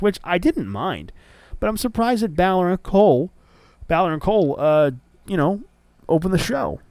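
A man's voice: a little high, darkish tone, dry recording. A man hosting a wrestling podcast in a casual, enthusiastic chat, loose and profane, with frequent fillers.

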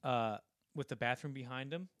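A man's voice: mid-range voice, a bit bright, dry recording, studio quality. Rambling man recapping a film. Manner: rambling, acts out film lines in quick impressions. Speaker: podcast co-host. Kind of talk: casual film discussion.

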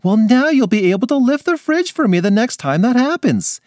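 A man's voice: extremely high pitch, big pitch swings, moderate pace, a little mellow, no room sound, pitched above the performer's own voice. Man putting on a chirpy overeager mom. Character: cheerful, overeager mother.

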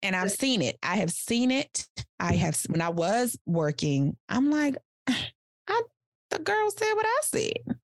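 A woman gives plain-spoken advice as a guest on a podcast couch, talking straight to the listener. Her voice has a gravelly edge, and she keeps it lively by acting out small workplace exchanges. The sound is dry and close. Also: fairly high pitch, slow, no echo. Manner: direct, animated, acts out examples. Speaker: life coach guest. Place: studio couch.

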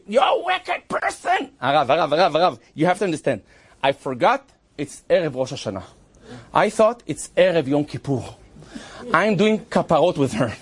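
A young man in his twenties tells a story in English, his pitch swinging wildly as he acts out every voice and bursts into laughs and shouts. His voice sits a bit high with a husky, breathy edge. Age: 20s. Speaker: storyteller addressing a rabbi. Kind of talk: animated storytelling.

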